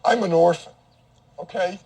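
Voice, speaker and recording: An actor playing a raspy-voiced, middle-aged man in a sitcom scene who has just become an orphan. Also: sits high, normal speed, a little mellow, close to an everyday voice. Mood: deadpan. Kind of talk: sitcom dialogue.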